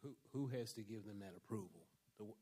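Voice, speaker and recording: A man's voice: fairly low pitch, fast, dark tone, husky. A man on a school board, methodically reading out and questioning a written policy. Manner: methodical, reads text aloud and parses it. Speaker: board member. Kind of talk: discussion at a board meeting.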